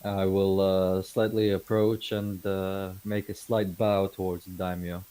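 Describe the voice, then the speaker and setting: A man's voice: low-pitched, level tone, measured pace, mellow, clean tone, poor audio. A man playing a tabletop role-play game, casually describing his character's actions. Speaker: player.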